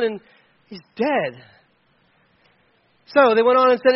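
A man's voice: very high voice, moderate pace, long pauses, lo-fi sound. A man teaching an interactive Bible lesson, coaxing listeners to fill in the answers.

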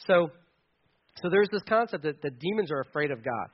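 A man preaching in a loose, conversational way, often stumbling and restarting as he explains. His voice sits fairly high for a man. The sound is dull and lo-fi. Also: lively intonation, fairly quick, breathy edge. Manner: casual, chatty, with many restarts and fillers. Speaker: pastor. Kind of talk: conversational sermon.

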